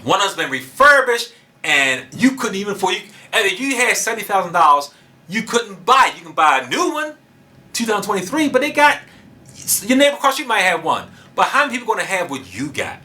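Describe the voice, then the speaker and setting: A man's voice: high-pitched, big pitch swings, fairly quick, sharp tone. A man preaching a sermon, fervent and emphatic, talking casually and addressing his listeners directly. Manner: casual colloquial speech, addresses audience directly.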